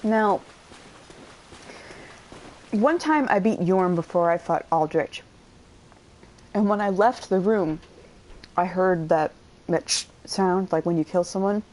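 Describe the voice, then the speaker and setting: A young woman giving casual gameplay commentary, thinking aloud and pausing on fillers while she eats dinner. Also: fairly low pitch, a little mellow. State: eating while talking. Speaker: gameplay streamer.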